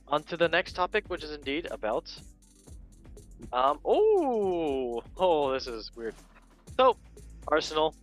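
A man's voice: a little high, a bit bright. A young man hosting a casual football chat show, reading memes aloud in a chatty, playful way and laughing at his own jokes. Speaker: podcast host.

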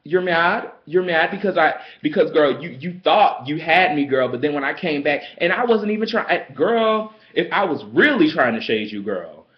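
A man's voice: on the high side, lively intonation, moderate pace, few pauses, highs cut off. A man telling a story in a sassy, dramatic way, calling the listener girl and honey. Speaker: vlogger. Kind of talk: casual storytime rant.

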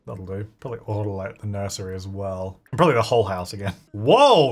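A man's voice: lowish voice, quick pace, hardly any pauses, breathy edge. A man giving casual running commentary on a life-simulation game, thinking aloud, laughing often and talking to the game's characters. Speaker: gaming video creator. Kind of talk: casual let's-play commentary.

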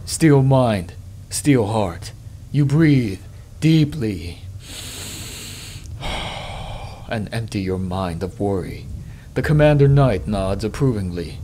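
A man hosting a let's play, reading game text aloud in a measured, dramatic way and adding his own commentary. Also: lively intonation, dark tone, a little hiss or hum. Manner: measured dramatic reading, dropping low and slow on ominous lines.

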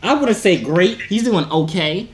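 A man's voice: high voice, lively intonation, measured pace. A young man coaching his younger brother on a video chat app, teasing and laughing often. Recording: echoey room, faint noise.

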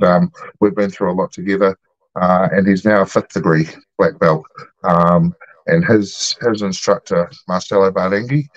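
A man's voice: lowish voice, dry recording. A man, a guest telling his story in a casual interview, easygoing and rambling with many ums and uhs. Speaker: guest, martial arts gym founder. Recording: dull lo-fi dry sound.

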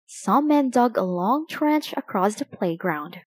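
A woman reading a children's picture book aloud, slowly and expressively for young listeners. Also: fairly high pitch, lively intonation, darkish tone, no echo. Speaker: storybook reader.

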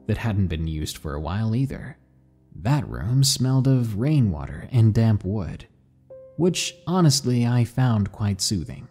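A man narrates true ghost stories for a podcast in a husky, mellow voice. His pitch rises and falls in a lively way as he builds suspense with measured pauses. Faint music runs beneath his reading.

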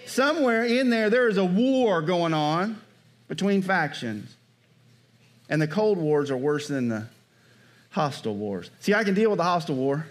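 A man preaching a sermon, with a slightly higher voice than most men. He talks to the congregation in a loose, conversational way and keeps checking in with call-and-response prompts. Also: expressive, moderate pace. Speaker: pastor.

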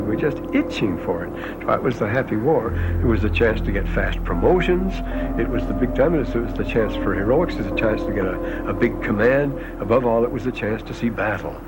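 A man's voice: fairly low pitch, low-quality recording. An older man animatedly recounting his wartime memories in an interview, chuckling as he tells them. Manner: animated storyteller, chuckles while talking. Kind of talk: reminiscing war stories. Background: music score.

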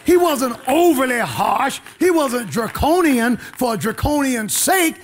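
With a very high, expressive voice and a slow pace, this preacher delivers an emphatic sermon. He calls out to the congregation, moving from shouted lines to quiet asides and back.

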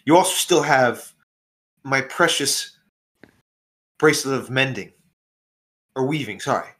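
A man's voice: medium pitch, expressive, unhurried, fairly bright tone, rough recording. A man running a tabletop game, a little drunk, talking loosely and laughing between lines. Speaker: game master. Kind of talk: casual tabletop game narration.

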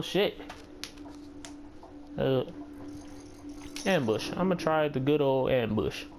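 Some hiss or hum and background music accompany this gamer's mid-range voice. Hosting his channel, he keeps up a muttered, profane, self-critical commentary while he plays.

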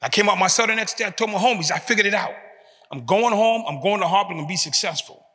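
A man in his fifties speaks in a high, bright voice. He tells his story with emphasis and leans on short, repeated phrases. His voice rings out with a long echo in a large hall. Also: fast talker. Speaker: speaker giving a talk to prisoners. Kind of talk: motivational talk.

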